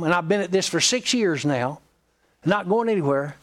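Preacher man, slightly high voice. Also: animated, normal speed. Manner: storytelling preacher, retells a friend's words, trails off and restarts. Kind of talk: sermon.

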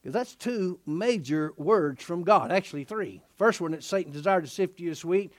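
A middle-aged man preaching a lively sermon in a folksy way. He laughs often, asks his listeners "isn't that right?" and acts out the people in the passage he is reading. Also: high voice, normal speed. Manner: animated, folksy, laughing often, acting out quotes.

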